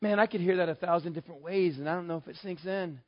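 A man's voice: sits high, quick pace. A male pastor preaching a sermon in an emphatic, conversational way, telling the story with animation. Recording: dull lo-fi sermon recording.

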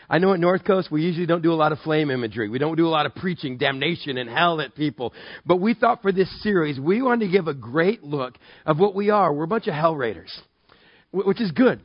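A male pastor preaching a sermon, telling stories with animated, self-mocking humor. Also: fairly high pitch, breathy edge, no room sound, dull audio.

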